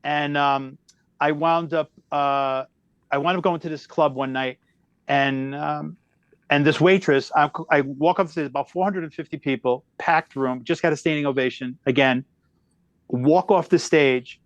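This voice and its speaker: A middle-aged man tells a personal story with a comedian's timing, sometimes racing and sometimes slowing down. His voice sits a bit higher than most men's. The sound is dry and close to the mic. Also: clean tone, no room sound, muffled recording. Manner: animated storyteller who shifts pace a lot. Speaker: guest comedian. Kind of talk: storytelling in a podcast conversation.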